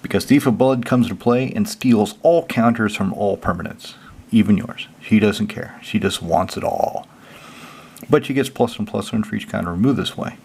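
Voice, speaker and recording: A man hosting his own channel, reading out card text and then explaining it in a relaxed, chatty way. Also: lowish voice, moderate pace, vocal fry, husky. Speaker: channel host. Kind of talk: casual card deck walkthrough.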